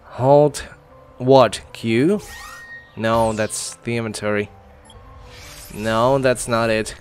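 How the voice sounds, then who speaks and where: A man hosting a casual let's-play, chatting, thinking aloud and laughing often as he plays. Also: fairly low pitch. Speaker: gaming channel host.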